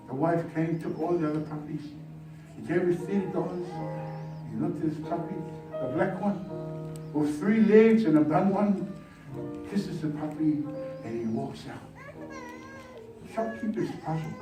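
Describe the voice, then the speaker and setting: Emphatic preacher in an echoing hall. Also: male voice, fairly high pitch, normal speed, pauses often. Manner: emphatic, rising and falling storytelling. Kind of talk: revival sermon. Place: large church hall. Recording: echoey hall from far off with music.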